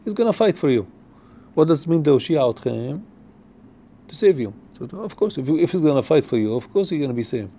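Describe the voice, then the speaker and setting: Fast-talking man teaching Torah. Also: on the high side, very animated, warm tone. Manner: quick, repeats himself and restarts, chanting Hebrew verses fast. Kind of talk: Torah class on the weekly portion.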